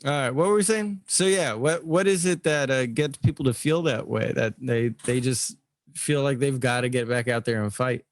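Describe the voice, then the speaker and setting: A man's voice: medium pitch, normal speed. A man co-hosting a casual podcast, asking rambling questions and swearing casually. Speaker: podcast co-host.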